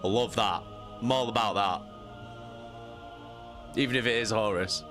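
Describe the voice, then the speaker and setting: A man's voice: fairly low pitch, moderate pace, music in the background. A man hosting a casual livestream, reacting with a lot of swearing and frequent laughter. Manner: animated, sweary, laughs often. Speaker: livestream host reacting to an audiobook.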